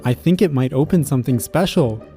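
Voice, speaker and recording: A man voicing an excited young male bunny in a read-aloud children's story. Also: mid-range voice, fairly quick, soft background music, lightly acted. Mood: eager.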